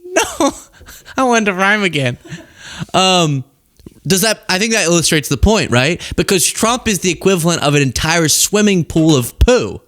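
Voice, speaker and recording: A young man hosting casual political commentary, animated and jokey, laughing at his own rhymes. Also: high voice, normal speed, dry recording, studio quality.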